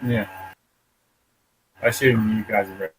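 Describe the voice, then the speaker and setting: A man's voice: on the low side, fairly even intonation, unhurried, a bit bright, a little hiss or hum, rough recording. A man playing a tabletop game, casual, asking lots of questions. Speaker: player.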